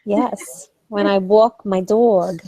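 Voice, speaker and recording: A woman's voice: medium pitch, steady tone, takes it slowly, warm tone, no echo, rough recording. A woman with a New Jersey accent, co-hosting a crafting livestream and chatting in a friendly, easygoing way. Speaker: livestream co-host. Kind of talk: casual chat.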